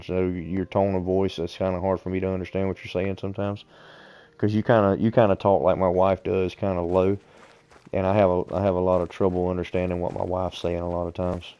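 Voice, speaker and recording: A man with a low, even voice chats casually while streaming a game, unhurriedly steering his fellow players around the map. His tone is smooth and warm, and the recording is close and dry. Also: no room sound, muffled recording. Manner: unhurried, explains directions to other players. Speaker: gaming streamer. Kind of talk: casual gameplay chat.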